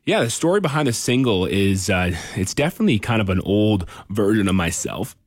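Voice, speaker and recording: A man in his thirties, a musician guest, talking in a relaxed casual way with many fillers. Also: on the low side, fairly quick, husky, no echo, clean studio sound. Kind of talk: casual interview.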